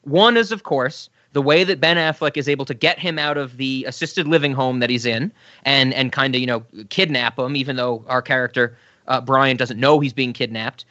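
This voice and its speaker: A man's voice: mid-range voice, moderate pace, sharp tone, dry recording, muffled recording. A man co-hosting a podcast in casual chat, laughing often and rambling off on tangents. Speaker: podcast co-host.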